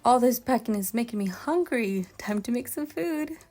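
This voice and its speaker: A woman's voice: a little high, expressive, normal speed, mellow, soft background music. A woman voicing a cheerful young doll mother, talking sweetly in a toy play video. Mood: content. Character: cheerful young doll mom, upbeat and doting.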